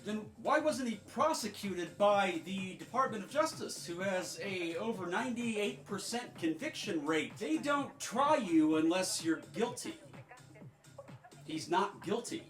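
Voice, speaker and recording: A man's voice: sits high, animated, a little slow, echoey room, soft background music. A man giving sarcastic, mocking political commentary over clips. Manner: sarcastic, mocking, swinging loud to soft.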